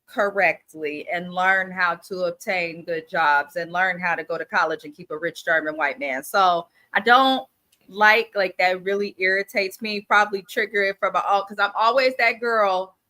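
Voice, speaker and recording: A woman's voice: fairly low pitch, steady tone, normal speed, sharp tone. A woman from Oakland, California, co-hosting a casual recap chat. She speaks bluntly and emphatically, with plenty of profanity. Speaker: co-host.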